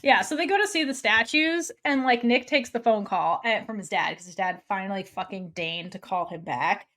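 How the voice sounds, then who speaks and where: A woman's voice: medium pitch, moderate pace, fairly bright tone. A young adult woman co-hosting a podcast, recapping an episode in casual chat, acting out the characters' lines with swearing and laughter. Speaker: podcast co-host.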